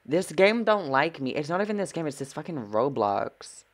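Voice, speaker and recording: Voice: mid-range voice, big pitch swings, normal speed. A gameplay streamer giving live commentary, full of sassy trash talk, swearing and dramatic gasps.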